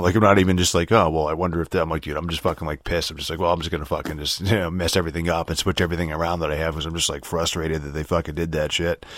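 Young male streamer, very low voice, dry close sound, frustrated rambling rant full of swearing. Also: no room sound. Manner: frustrated, rambling, swears a lot, many fillers and restarts. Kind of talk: casual rant about a video game.

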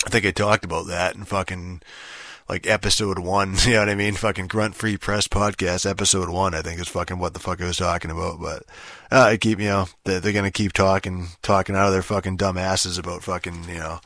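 A man's voice: sits low, flat delivery, a little fast, fairly bright tone, no echo. A man hosting his own podcast, ranting in a casual, rambling way, swearing constantly and padding with fillers. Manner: profane, rambling, full of fillers. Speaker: podcast host. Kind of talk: casual solo podcast rant.

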